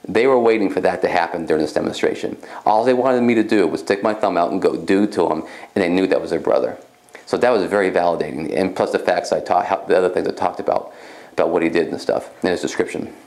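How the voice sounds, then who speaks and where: Low, gravelly-voiced man recounting his experiences as a medium, casual and rambling. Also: fast, darkish tone. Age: young adult. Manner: casual, rambling, repeats himself. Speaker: psychic medium. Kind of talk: personal storytelling.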